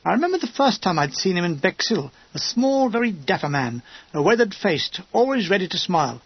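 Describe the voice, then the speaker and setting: A man's voice: high-pitched, sing-song, fairly quick, breathy edge, no room sound. A man narrating a war memoir audiobook in a wry, comic storytelling manner. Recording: dull lo-fi dry recording.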